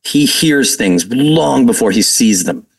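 A man from Massachusetts, a guest actor telling animated stories in a casual interview. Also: mid-range voice, takes it slowly, vocal fry, breathy edge, distant mic, poor audio. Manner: animated, quotes people in their voices, laughs while telling stories.

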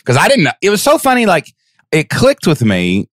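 A man guest on a podcast, telling his story in an excited, animated way, with big jumps in pitch when he acts out what people said. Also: normal speed, no echo, studio quality.

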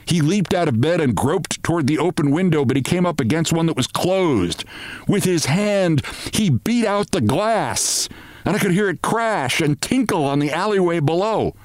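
A man's voice: fairly high pitch, dry recording. Man reading a story, dry close sound. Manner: expressive, measured storytelling. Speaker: podcast host. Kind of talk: reading a short story aloud.

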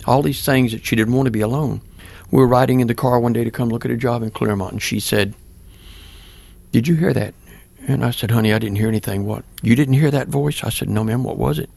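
A man's voice: medium pitch, steady tone, quick pace, creaky, darkish tone. An older man, a pastor, earnestly telling a personal story in plain words during an interview. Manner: plain-spoken, earnest, acts out remembered dialogue.

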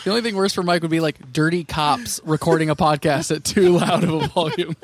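Male podcast co-host, raised pitch, quick-witted interjector. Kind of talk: casual comedy podcast chat.

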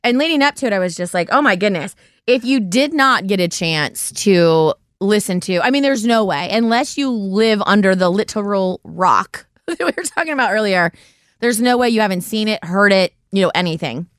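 A woman's voice: mid-range voice, animated, moderate pace, no room sound, clean studio sound. A woman in her forties hosting a podcast, telling stories in a casual chat and laughing often. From United States. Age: 40s. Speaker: podcast host.

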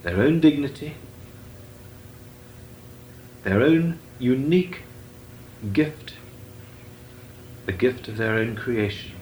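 An older man, a Benedictine monk, giving a measured, deliberate talk on meditation with long pauses. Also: mid-range voice, animated, darkish tone. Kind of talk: slow meditative spiritual talk. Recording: echoey room with faint noise.

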